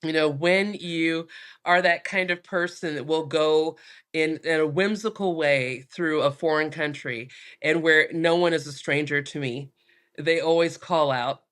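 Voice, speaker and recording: A middle-aged American woman, a book author telling travel stories in an interview, animated and acting out the voices in them. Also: low voice, a little slow. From United States. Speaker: guest, author. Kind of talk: storytelling interview.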